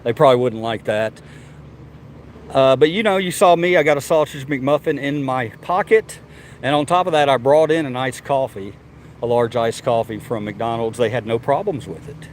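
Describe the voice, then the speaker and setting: A man with a drawl talks in a loose, chatty way, addressing his viewers and the animals as he goes. He records on a handheld phone outdoors, and his voice sits at an ordinary middle pitch. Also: slight background noise. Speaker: vlogger. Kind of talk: casual walking vlog. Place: outdoors at a zoo.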